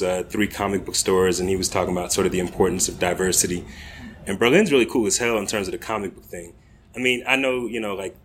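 Young American podcast host, lowish voice, laid-back rambling storyteller, faint hiss. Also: male voice, a bit bright. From United States. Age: young adult. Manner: laid-back, laughing, filler-heavy. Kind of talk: casual storytelling.

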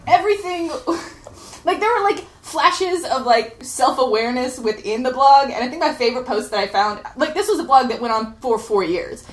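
Young woman, comic live reader; high, bouncy voice; self-mocking, lots of fillers; echoey room. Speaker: performer reading her old teen blog aloud. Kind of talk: comic live reading to a laughing audience. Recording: echoey room with faint noise.

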